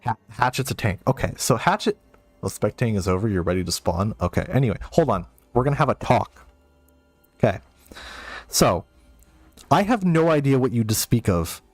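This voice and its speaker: A man's voice: mid-range voice, expressive, normal speed, dry recording, faint music behind. A man streaming a game live and reading chat, flustered, self-mocking and rambling.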